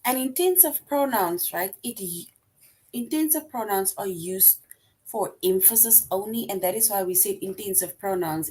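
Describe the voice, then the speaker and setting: A woman's voice: mid-range voice, darkish tone, husky, low-quality recording. A woman teaching a recorded grammar lesson, explaining step by step, repeating her example sentences and often checking in with "right?".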